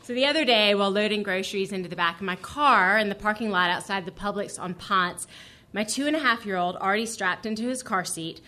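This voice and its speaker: A woman's voice: medium pitch, pushed and bright. A woman reading her own personal essay aloud as a featured reader, with dry, wry humor.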